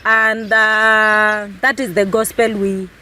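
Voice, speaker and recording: A woman's voice: mid-range voice, level tone, slow pace, noisy background. A woman with a Kenyan accent, a guest on a talk show, speaking expressively and mixing in Swahili phrases. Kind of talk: casual chat.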